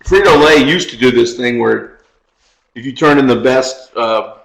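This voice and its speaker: A man's voice: medium pitch, unhurried, creaky, reverberant, low-quality recording. A man co-hosting a podcast in casual chat, rambling through a story and laughing at his own jokes. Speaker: podcast co-host.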